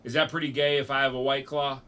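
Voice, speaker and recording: A man's voice: medium pitch, level tone, fast, sharp tone, smooth. A young man, rambling and joking profanely as he chats with his livestream audience. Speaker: streamer. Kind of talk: casual livestream chat.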